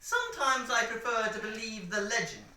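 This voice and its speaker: A woman's voice: fairly high pitch, expressive, normal speed, bright, forceful tone, a little hiss or hum. A woman voicing a pompous, theatrical villain professor who insults her henchman. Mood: scheming. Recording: echoey room, distant mic.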